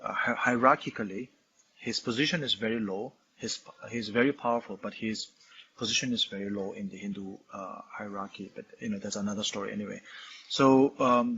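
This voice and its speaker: A man's voice: lowish voice, creaky, fairly bright tone. Tibetan-accented guy teaching dharma, lots of uhs and restarts, kinda dull lo-fi audio. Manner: halting, many fillers and restarts, explains terms. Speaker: Buddhist teacher. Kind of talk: Dharma talk commentary. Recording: dull lo-fi recording, faint noise.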